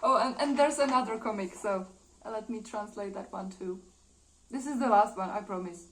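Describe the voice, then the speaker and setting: A woman's voice: medium pitch, normal speed, noisy background. A woman retelling her own old comic in a casual, hesitant way, full of fillers and small laughs. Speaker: artist showing her drawings.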